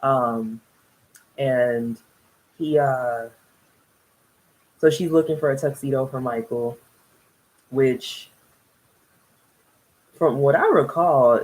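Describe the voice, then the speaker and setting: A woman's voice: rumbling low, slow, pauses often, a little mellow, low-quality recording. A young woman casually recapping a reality TV episode, chatty and rambling, often laughing between thoughts. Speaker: TV reality show reviewer.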